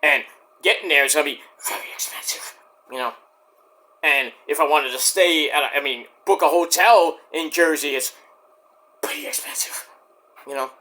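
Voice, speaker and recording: Rambling, profane man with a bright voice. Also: fairly high pitch, normal speed. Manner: rambling, profane, many restarts. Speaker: vlogger. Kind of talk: casual wrestling rant.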